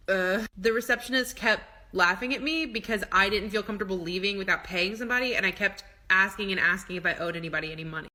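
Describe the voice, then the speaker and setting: Fast-talking woman with a bright voice. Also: mid-range voice. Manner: rapid, animated storytelling. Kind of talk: storytime clip.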